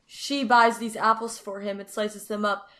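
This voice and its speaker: A woman's voice: medium pitch, level tone, moderate pace, a bit bright. A young woman co-hosting a podcast in casual chat, gushing and filling her talk with "like". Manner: gushing, heavy use of "like". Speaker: podcast co-host.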